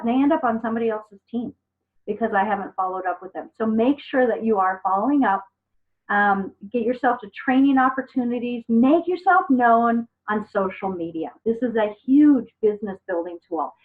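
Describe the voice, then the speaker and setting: A woman teaching an online business class in a chatty, upbeat way, talking to her students by name over a video call. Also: mid-range voice. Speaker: business trainer. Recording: phone-like video call audio.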